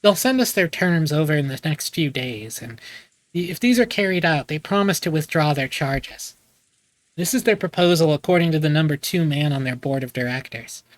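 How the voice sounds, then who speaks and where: A man reading the lines of a formal male lawyer giving a report by phone in a game, in a measured tone. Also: a little high, expressive, dry recording, close to an everyday voice, rough recording. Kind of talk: reading game dialogue aloud.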